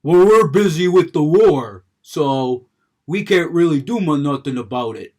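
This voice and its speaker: A man's voice: on the high side, animated, a little slow, a little mellow. A man voicing a weary male city guard from a fantasy game, speaking in a dismissive, offhand way.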